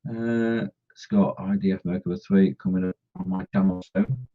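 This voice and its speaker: A middle-aged man, joking and teasing as he reads viewer comments on his model-painting live stream, speaks at normal speed. His voice sits low with vocal fry and fairly even intonation. The lo-fi stream audio sounds dull.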